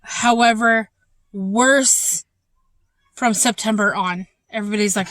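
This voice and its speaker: A young woman giving a candid, halting home vlog update with many fillers, troubled by an ongoing cough and short of breath. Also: mid-range voice, steady tone, a bit bright, no room sound. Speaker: vlogger. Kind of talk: casual personal update.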